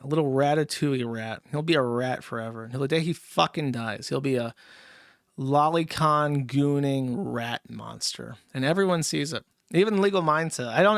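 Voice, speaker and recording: A man's voice: fairly high pitch, a bit bright, no room sound, studio quality. Profane ranting male streamer. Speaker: livestream host reading donations. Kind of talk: casual livestream rant.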